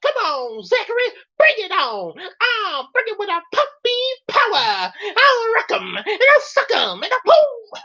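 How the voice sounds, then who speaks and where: A man voicing a boastful villain puppy monster in a high, squealing, gloating voice. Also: wildly swooping pitch, measured pace, bright, forceful tone, exaggerated voice. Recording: dull lo-fi recording.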